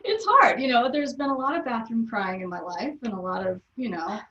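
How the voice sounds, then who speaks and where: A woman's voice: fairly high pitch, expressive, a little fast, bright, forceful tone, muffled recording, a little hiss or hum. A young adult woman chatting as an interview guest, laughing often and using lots of fillers. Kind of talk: casual interview chat. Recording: roomy, distant from the mic.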